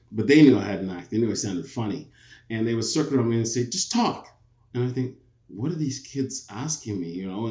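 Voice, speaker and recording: A man's voice: fairly low pitch, a little mellow. A man in his fifties with a Canadian accent, a retired police officer telling his story as a guest in a casual interview, reflective and often restarting his sentences. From born in England, raised in Toronto, Canada. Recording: echoey, dull remote audio.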